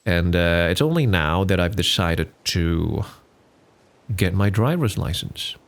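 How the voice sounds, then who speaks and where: Slow and low, with big pitch swings, this Singaporean podcast host in his twenties talks alone on a casual show. He rambles, restarts often, leans on fillers, and laughs a lot.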